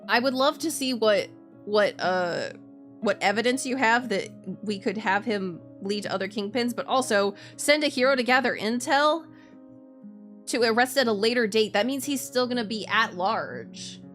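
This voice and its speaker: A VTuber streamer chats casually while playing a game, her voice a little high and a bit bright at a moderate pace. She often restarts her sentences and laughs a lot, with soft music playing in the background.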